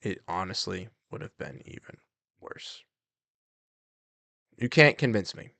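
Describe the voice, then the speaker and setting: A man hosting a sports livestream, ranting heatedly and swinging between loud outbursts and muttered exasperation. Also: deep voice, animated, a little slow, gravelly, dry recording. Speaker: sports podcast host. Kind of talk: livestream rant.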